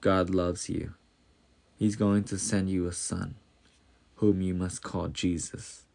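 A kind male angel, calm and reassuring, speaks with a low, gravelly edge in a storybook tale. A man reads him aloud, keeping close to his own voice. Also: slow, full character voice. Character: the angel Gabriel, a kind male heavenly messenger.

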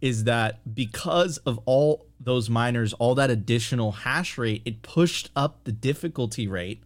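Excitable man reading market news. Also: medium pitch, unhurried. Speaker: co-host. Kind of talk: casual finance chat.

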